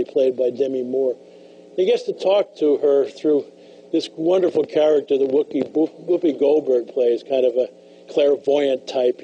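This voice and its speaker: An older man giving a motivational talk, telling stories in a folksy way and dropping to a hush for emotional lines. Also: mid-range voice, slight background noise, poor audio. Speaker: speaker and author.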